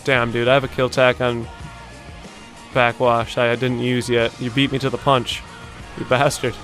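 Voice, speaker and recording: A young man hosting a video-game montage reaction, talking casually, swearing often and bursting out in excited disbelief. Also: mid-range voice, unhurried, soft background music. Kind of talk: casual gaming reaction commentary.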